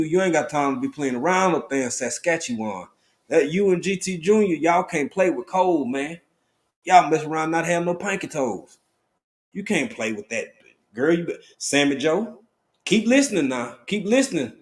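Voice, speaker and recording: Easygoing man chatting on a live stream. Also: mid-range voice. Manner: relaxed, drawling, greets viewers by name with sudden excited bursts. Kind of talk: casual live stream chat with viewers.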